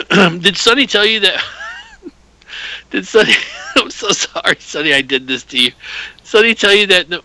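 A man's voice: fairly high pitch, sharp tone, dry recording, low-quality recording. A man hosting a podcast trivia quiz in casual chat, joking and laughing as he reads out questions and answers.

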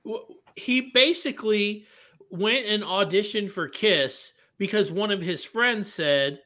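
A man's voice: high voice, takes it slowly, pushed and bright. A man hosting a casual podcast, talking in an easygoing, conversational way. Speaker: podcast host.

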